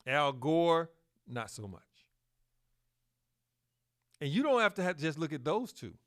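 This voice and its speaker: A man hosting a solo podcast, talking slowly with fillers and self-corrections, and pushing up on key words for emphasis. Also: fairly high pitch, very animated. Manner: slow, halting delivery with fillers and self-corrections. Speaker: podcast host.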